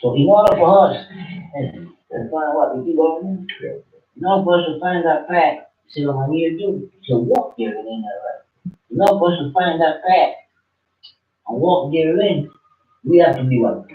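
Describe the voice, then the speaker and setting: An older man giving an informal scripture teaching, fiery and rambling, going from loud to quiet. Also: on the high side, normal speed. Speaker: preacher. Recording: echoey phone-like sound from far off.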